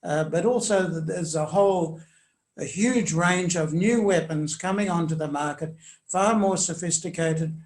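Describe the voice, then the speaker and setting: An older man speaks in a gravelly voice that sits a little high for a man. He answers questions in a measured, hesitant way, often pausing on fillers. He leans on the quoted passages when reading them aloud. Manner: reads quotations aloud with emphasis. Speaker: commentator on church social teaching.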